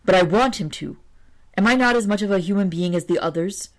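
A woman's voice: mid-range voice, a little fast, close to an everyday voice. A woman reading the part of a lonely poor woman who insists in an offended, pleading way. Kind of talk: audiobook reading.

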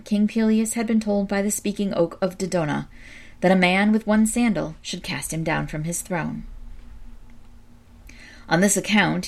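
A woman narrating a storybook aloud in a measured, expressive way. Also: fairly low pitch, creaky.

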